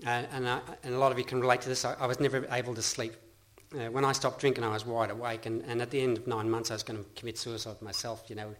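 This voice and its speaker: This middle-aged Australian man's recovery testimony comes out fast and level, with few pauses, at medium pitch and with a fairly bright tone. Earnest and rambling, he keeps restarting and laughing as he addresses the meeting.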